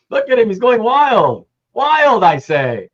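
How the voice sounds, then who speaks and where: A man's voice: high voice, lo-fi sound. A man hosting a casual livestream, rambling and greeting chat viewers by name, with some casual swearing. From Canada. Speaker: livestream host.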